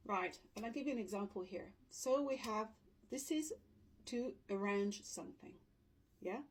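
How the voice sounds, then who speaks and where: A woman with a medium-pitched voice speaks at a moderate pace, explaining dictionary pronunciation patiently in a casual video lesson and asking "okay?" along the way. It's recorded without a mic, with slight background noise and room sound, and her voice at times wanders away from the camera.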